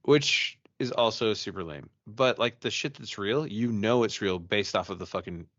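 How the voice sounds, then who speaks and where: Low-voiced man telling a spooky story. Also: normal speed, fairly bright tone, no room sound, highs cut off. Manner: profane, rambling storyteller with frequent restarts. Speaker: podcast co-host. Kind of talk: casual chat and storytelling.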